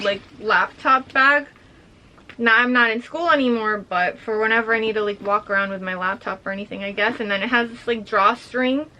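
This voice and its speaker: A young woman chatting excitedly through an unboxing vlog, a little out of breath and full of "like". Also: a little high, poor audio. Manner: excited, chatty, heavy use of "like". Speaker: vlogger.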